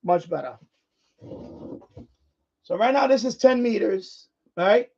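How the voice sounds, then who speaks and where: High-voiced man rambling on a dull live stream. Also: animated, takes it slowly, gravelly, dark tone. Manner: rambling, restarts, talks to viewers while handling gear. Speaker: ham radio livestream host. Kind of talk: casual live demonstration.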